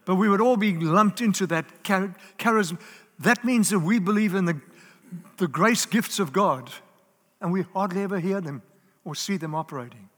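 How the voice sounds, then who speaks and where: A man's voice: high voice, normal speed, a bit bright. A man preaching a sermon in an earnest, emphatic way, stacking up lists and repeating key words. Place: church hall. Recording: live in a large reverberant hall.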